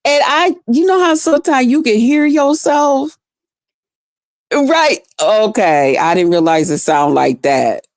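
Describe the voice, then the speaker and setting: Foul-mouthed, animated woman vlogger. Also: slow, no room sound, studio quality. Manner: profane, animated, swings into high loud reenactments. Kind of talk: casual storytime monologue.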